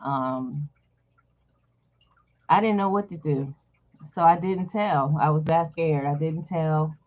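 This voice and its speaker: Swearing freely, a woman channel host shares a personal story with her viewers, candid and blunt in a casual way. She speaks slowly in a low register, captured on a dull lo-fi recording.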